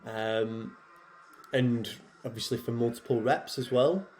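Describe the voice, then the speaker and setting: A head programmer and athlete, this man speaks slowly at a medium pitch while casually commenting on his workout footage. His tone is relaxed and chatty, with lots of filler words.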